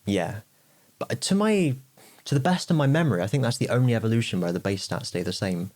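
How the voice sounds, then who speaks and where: A man's voice: medium pitch, lively intonation, a little fast, a little mellow. A man co-hosting a casual podcast chat, jokey and chatty, laughing often. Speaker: podcast co-host.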